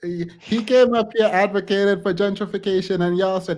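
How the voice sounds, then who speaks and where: A man's voice: high voice, darkish tone, a little hiss or hum. Teasing man hosting a livestream. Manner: teasing, playful, quick banter. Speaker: livestream host. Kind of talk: casual livestream chat.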